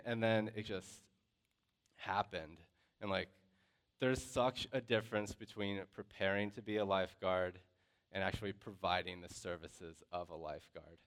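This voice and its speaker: A man telling a personal story to a class in a lively, conversational way, with lots of filler words. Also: lowish voice, smooth.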